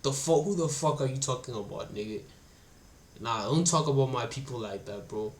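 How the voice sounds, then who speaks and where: Indignant African streamer, roomy sound. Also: male voice, mid-range voice, moderate pace. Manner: indignant, swearing, laughing. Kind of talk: live stream reaction. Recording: roomy echo.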